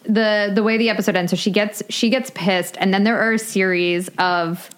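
A woman's voice: mid-range voice, steady tone, normal speed, clean tone. Chatty woman co-hosting a podcast. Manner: chatty, recaps with quoted asides. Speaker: podcast co-host. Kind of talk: casual chat.

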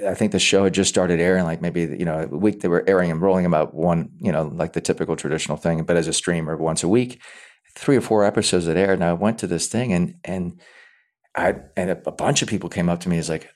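Male actor guest, deep voice, stop-start delivery in a relaxed chat. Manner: halting, repeats words often while thinking aloud. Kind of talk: casual interview talk.

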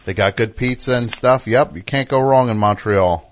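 Guy hosting a call-in show, deadpan and teasing, plain mid voice. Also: mid-range voice, normal speed. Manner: dry, sarcastic banter. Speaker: radio show host. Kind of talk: casual call-in talk.

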